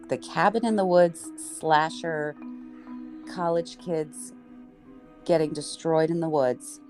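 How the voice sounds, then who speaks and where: A woman co-hosting a podcast, retelling film scenes in animated, laughing storytelling. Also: low voice. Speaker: podcast co-host. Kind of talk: casual chat.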